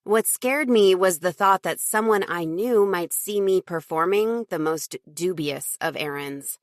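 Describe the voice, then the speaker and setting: A woman reading a first-person audiobook in an even, lightly wry storytelling voice. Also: on the low side, measured pace, no echo, clean studio sound. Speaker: audiobook narrator.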